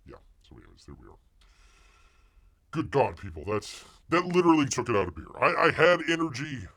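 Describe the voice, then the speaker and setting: Lively sarcastic male stream host. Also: medium pitch, a little fast. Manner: sarcastic, exclaims often, calls himself Bear in the third person. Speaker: livestream host. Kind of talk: live-stream commentary.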